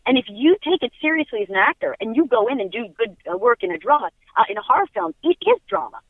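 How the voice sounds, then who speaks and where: A woman's voice: on the high side, sing-song, quick pace, no echo. Chatty upbeat woman on a tinny phone line. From Long Island. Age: middle-aged. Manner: upbeat, chatty, laughs often. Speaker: guest actress. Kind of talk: casual phone interview. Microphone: telephone.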